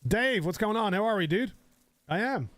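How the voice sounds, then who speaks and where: A man's voice: high-pitched, lively intonation, normal speed, fairly bright tone. A man streaming a game live, chatting casually with viewers, rambling and swearing.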